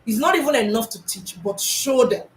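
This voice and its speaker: A woman's voice: on the high side, expressive, fairly quick, poor audio. Earnest woman teacher. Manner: earnest, repeats points, many restarts. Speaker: school psychologist and teacher. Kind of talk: talk on teaching practice.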